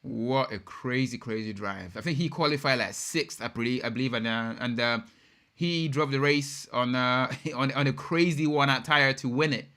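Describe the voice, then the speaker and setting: Excitable young man, bright voice. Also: mid-range voice, moderate pace. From United Kingdom. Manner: excitable, slangy, chatty with viewers. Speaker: live stream host. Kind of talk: live race watch-along commentary.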